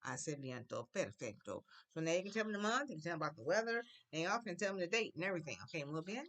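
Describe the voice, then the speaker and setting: A woman teaching a children's Spanish class, slowly modeling phrases for the class to repeat and coaxing them along. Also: fairly low pitch, animated, a bit bright. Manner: coaxing and encouraging.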